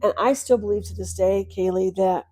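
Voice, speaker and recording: A middle-aged woman, a podcast guest, telling a personal story of loss, tearful and earnest, moving from soft hushed lines to louder bursts. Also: medium pitch, fairly even intonation, moderate pace, slightly rough, no echo, clean studio sound.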